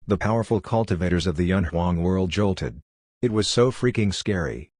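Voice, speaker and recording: A man narrating an audiobook in a steady, matter-of-fact storytelling manner. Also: low voice, normal speed, no room sound, clean studio sound.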